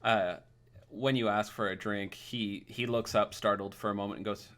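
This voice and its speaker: A man's voice: fairly low pitch, fairly even intonation, moderate pace, fairly bright tone. A man narrating as game master of a tabletop game, casual and full of hesitant fillers.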